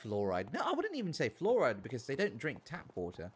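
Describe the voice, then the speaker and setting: A man streaming a farming game, chatting casually, joking and rambling with sudden loud outbursts. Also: medium pitch, wildly swooping pitch, brisk, breathy edge. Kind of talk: casual gameplay livestream chat. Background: faint background music.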